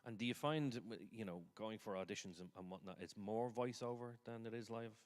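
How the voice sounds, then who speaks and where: A man moderating a convention panel, brisk and organising as he takes questions from the floor. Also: fairly low pitch. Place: convention auditorium. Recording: long hall reverb in an auditorium.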